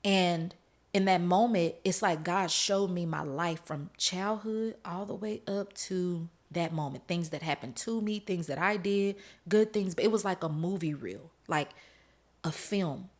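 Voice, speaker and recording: A woman's voice: fairly low pitch, measured pace. Woman host giving an emotional testimony. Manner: emotional, speaks straight to listeners; laughs through tense parts of the story. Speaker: podcast host. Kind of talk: personal testimony storytelling.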